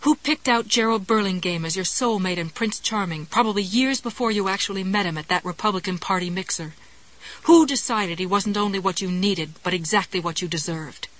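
A woman's voice: mid-range voice, a little fast, close to an everyday voice, poor audio. A woman reading an audiobook, voicing a blunt, furious inner voice of a woman that interrogates and accuses. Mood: accusing. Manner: angry, sharp, interrogating.

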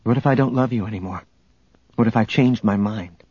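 A man voicing a spirited, sharp-tongued young princess who talks in a sarcastic way, in a dull, dry audiobook recording. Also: fairly low pitch, a little fast, slightly rough, no room sound.

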